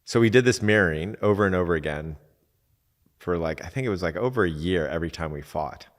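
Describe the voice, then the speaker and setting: A man with a very low voice talks loosely about relationships, the way a coach teaches, using lots of "like" and acting out little quoted conversations. His voice rings with a long reverb tail. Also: animated, fast. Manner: conversational, acts out quoted exchanges, many fillers. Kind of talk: casual teaching talk.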